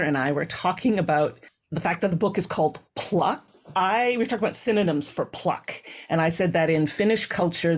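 Woman interview host, low-pitched, reflective, conversational. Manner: thoughtful, musing, uses frequent tag questions.

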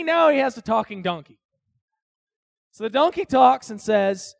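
Male pastor, casual joking sermon, high voice, dry sound. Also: big pitch swings, a little slow, gravelly, no echo. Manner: casual, joking storytelling with asides to listeners.

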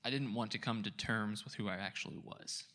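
Man, low voice, gravelly, hesitant testimony. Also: a little fast, bright, forceful tone. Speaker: congregation member sharing testimony. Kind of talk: personal testimony.

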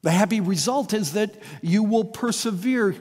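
A man preaching a sermon as a pastor, earnest and emphatic, with slow dramatic pauses. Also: high voice, a little mellow, long reverb tail.

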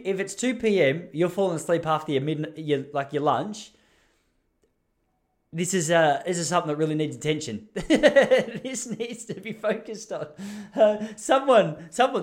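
An Australian man in his thirties rambling and joking through a casual monologue, laughing often. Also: high voice. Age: 30s.

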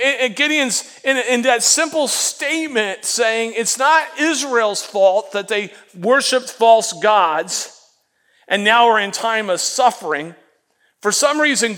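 A man preaching a sermon as pastor, animated and acting out the voices he quotes, often repeating words as he goes. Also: very high-pitched.

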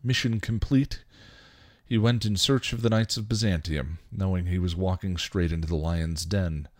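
Deep male reader, dry, for steady story narration. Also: moderate pace, dry recording. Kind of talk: reading fan fiction aloud.

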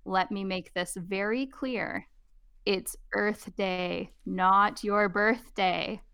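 Fussy storybook giraffe played by a woman, slow and deliberate, gravelly. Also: mid-range voice, fairly bright tone, no echo, studio quality. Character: tall fussy complaining giraffe.

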